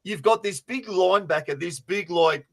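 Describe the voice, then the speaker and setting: A man co-hosting a fantasy sports podcast, telling stories in a loud, sweary, animated way over a remote call. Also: sits high, moderate pace. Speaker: podcast co-host.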